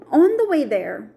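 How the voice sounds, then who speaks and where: A middle-aged woman recounts her own story to the camera, slipping into the voices of the people she quotes. Her voice is mellow and warm. A faint noise runs under the recording. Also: sits high, gravelly. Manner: animated, acts out quoted voices. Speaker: vlogger. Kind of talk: personal storytelling.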